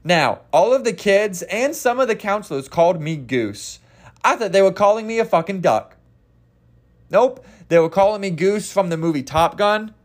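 A young man from Kansas hosts a podcast on his own, and his talking voice sits noticeably high. He rambles and swears freely, stopping often to correct himself mid-sentence. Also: animated, moderate pace. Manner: profane, rambling, self-correcting. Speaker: podcast host. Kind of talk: casual solo podcast rant.

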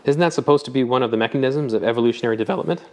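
A man's voice: medium pitch, rapid-fire, lightly acted. Wry older guy, talks like he's lecturing kindly, man reading him. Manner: thoughtful, lecturing.

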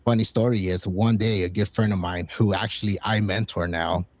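A man in his forties telling stories in casual, profane chat, acting out quoted lines with excitement. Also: on the low side, normal speed, no room sound. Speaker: podcast guest.

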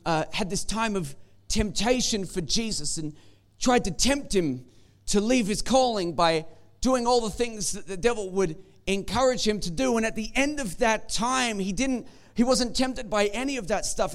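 A man's voice: high-pitched, normal speed. A man giving a sermon as pastor, in a conversational, joking way and often repeating words. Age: young adult or middle-aged.

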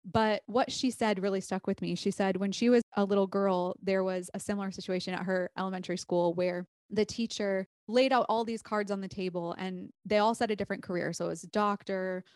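Woman guest, medium pitch, dry close sound, earnest storyteller, casual interview. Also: steady tone, fairly quick, few pauses, a little mellow, no echo. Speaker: podcast strategist, guest.

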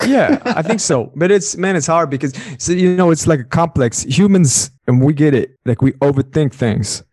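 A man's voice: fairly high pitch, expressive, moderate pace, darkish tone, slightly rough, no room sound. A young man in casual, rambling conversation as a podcast co-host, swearing freely. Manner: laid-back, rambling, swears often. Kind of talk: casual chat.

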